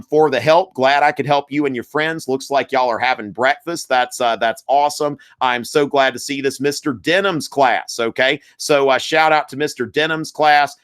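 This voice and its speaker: A man's voice: medium pitch, clear, resonant tone. Chatty man teaching live. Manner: conversational, many fillers, reads out viewer shoutouts. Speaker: history teacher hosting a live review. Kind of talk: live-stream exam review lecture.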